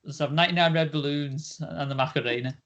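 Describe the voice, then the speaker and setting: A man's voice: a little high, fast, fairly bright tone. A young man co-hosting a podcast, chatting casually and rambling with lots of fillers and laughs. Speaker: podcast co-host. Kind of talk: casual chat.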